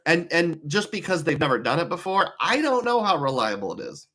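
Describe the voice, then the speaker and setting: A man talks casually to his viewers, thinking out loud and posing one rhetorical question after another. His voice sits a bit on the high side. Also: very animated, brisk, few pauses. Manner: musing, asks many rhetorical questions. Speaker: travel rewards commentator. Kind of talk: casual live talk to viewers.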